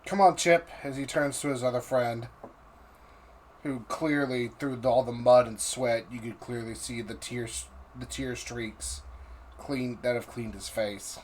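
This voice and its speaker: Halting male game master narrator. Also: medium pitch, little pitch movement. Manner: halting, with restarts and fillers. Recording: faint background noise.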